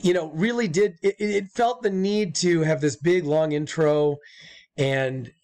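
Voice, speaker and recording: Guy with a highish voice riffing on horror movies, swears a lot, stumbles over his words. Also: unhurried. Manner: loose, profane, rambling with restarts; stumbling repeats when excited. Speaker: co-host. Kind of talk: casual chat.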